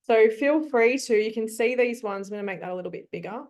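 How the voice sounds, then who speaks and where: A woman's voice: on the high side, quick pace, darkish tone. A woman teaching an online class, coaxing her students and thinking aloud with frequent ums.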